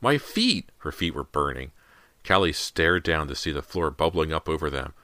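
A man with an extremely deep voice reads a horror audiobook in a suspenseful, dramatic way. His tone is bright and forceful for so low a pitch, and the sound is close and dry. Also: steady tone, moderate pace, no echo. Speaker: audiobook narrator.

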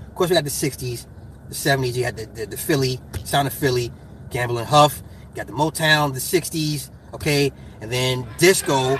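A middle-aged man in casual chat, animated and profane, getting hyped and laughing as he argues his point. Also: sits high, slight background noise.

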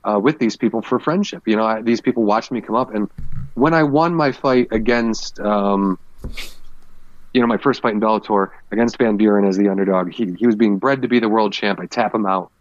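A former MMA fighter talking candidly in a casual podcast conversation, rambling through stories with many fillers. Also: male voice, on the low side, fairly quick, no echo, lo-fi sound.

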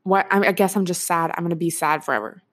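A woman's voice: fairly low pitch, quick pace, fairly bright tone. A young woman in her twenties hosting a casual solo podcast, chatty and frank, swearing freely and laughing often. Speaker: podcast host.

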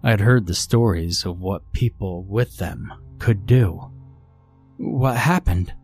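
A man narrating a scripted horror story in a slow, measured way. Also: deep voice, darkish tone, slightly rough. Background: faint music.

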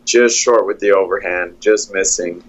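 A man who coaches fighters, calmly breaking down fight footage play by play in a steady, analytical way. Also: low voice, moderate pace, highs cut off.

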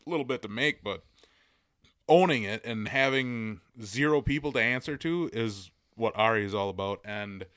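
A man co-hosts a podcast, chatting casually and recommending comedy specials. His voice sits on the low side at a normal speed, with a fairly bright, clear, resonant tone. The sound is clean studio audio with no room sound.

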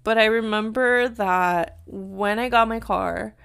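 Woman vlogger in her thirties, casual storyteller, fillers throughout, sprinkles in Spanish, medium pitch. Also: takes it slowly, vocal fry, fairly bright tone, smooth. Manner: chatty, filler-heavy, lots of "like"; mixes in Spanish words.

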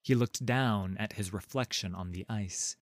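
Slow, measured male fantasy narrator. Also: on the low side, no room sound, clean studio sound.

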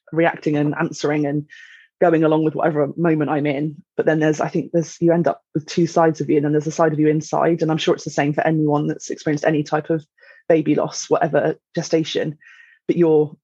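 A woman, speaking as a podcast guest in candid, reflective conversation, halting and full of fillers. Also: deep voice, a little mellow, slightly rough, dry recording, muffled recording.

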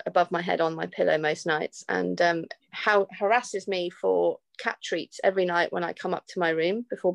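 A woman's voice: medium pitch, vocal fry, no echo. A woman with an English accent, a podcast guest chatting casually and laughing often, with frequent restarts. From England. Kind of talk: casual chat.

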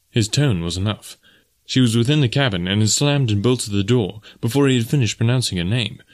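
Guy reading an audiobook, lowish voice, calm steady narration. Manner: steady, measured storytelling. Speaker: audiobook narrator and podcast host.

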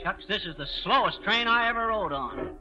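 An actor playing a boastful, excitable comic schemer in a 1930s radio comedy, with a bouncy, joking delivery full of wordplay. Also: male voice, high-pitched, normal speed. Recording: muffled 1930s radio broadcast.

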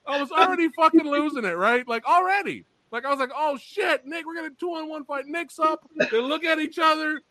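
High, bright, excitable male podcast host. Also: a little fast, hardly any pauses. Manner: animated, profane, excitable. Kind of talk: excited casual storytelling.

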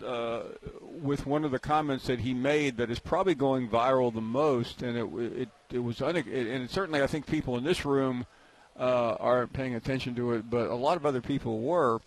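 Guy host asking sports questions, chatty, mid pitch voice. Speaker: interviewer. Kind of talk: casual sports interview.

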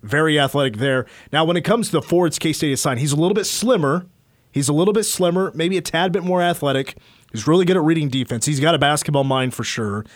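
Sports radio host, male, a bit higher voice, dry studio sound, stat-heavy breakdown. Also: fast talker, dry recording. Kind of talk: sports talk radio analysis.

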